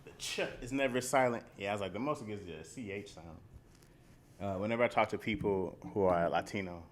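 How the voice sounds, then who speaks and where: A man's voice: fairly low pitch, quick pace, a little hiss or hum. A man co-hosting a comedy podcast, chatting casually and telling jokey stories where he acts out other people's voices. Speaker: podcast co-host.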